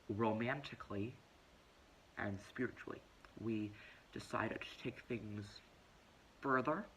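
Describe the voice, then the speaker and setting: A man's voice: medium pitch, a little hiss or hum, poor audio. A man playing a self-righteous, preachy young woman who tells her story in a pompous, lecturing comedic monologue. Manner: pompous, lecturing, deadpan self-important delivery.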